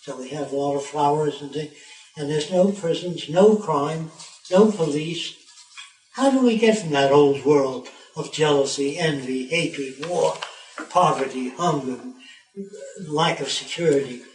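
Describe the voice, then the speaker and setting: A man's voice: a little high, a little slow, slight background noise, natural voice. An old man voicing a curious six-year-old girl who asks earnest questions, in a roomy recording from a distance. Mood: wondering. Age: over 90.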